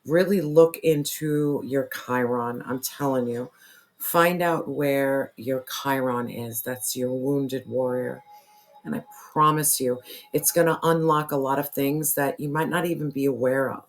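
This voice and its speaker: A tarot reader losing their voice, who keeps clearing their throat and talks earnestly and repetitively straight to the viewer. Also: mid-range voice, fairly even intonation, measured pace. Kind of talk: casual spiritual tarot reading to camera.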